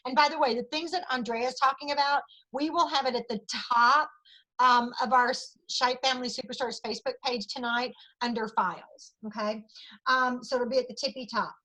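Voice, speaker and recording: A woman's voice: high voice, brisk, sharp tone, rough recording. A woman with a Southern US accent running a sales training, upbeat and acting out customer chats. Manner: upbeat, role-plays customer chat with quoted lines. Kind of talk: training talk to a sales team.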